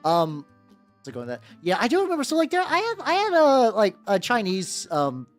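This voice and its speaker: Lively, rambling man chatting on stream. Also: a little fast, soft background music. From United States. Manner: rambling, lots of "like" and restarts; higher-register male voice. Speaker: miniature-painting streamer. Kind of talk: casual livestream chat.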